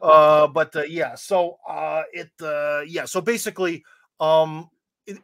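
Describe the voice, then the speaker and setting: A man's voice: a little high, steady tone, slow pace, fairly bright tone, no echo. An American man hosting a podcast, chatting casually in a loose, rambling way with wry asides. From United States. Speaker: podcast host. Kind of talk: casual chat.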